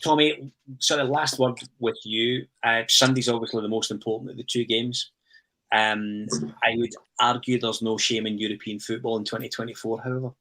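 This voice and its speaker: A middle-aged man hosting a football podcast, asking questions in a halting way with many restarts. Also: medium pitch, flat delivery, pushed and bright. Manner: hesitant, restarts and "um" while framing questions. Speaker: podcast host. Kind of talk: casual football podcast chat.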